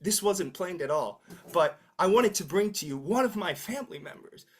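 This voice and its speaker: This mid-range voice belongs to a US English teacher leading an online class at a normal speed. Playful and energetic, the teacher teases the students and keeps throwing questions at them.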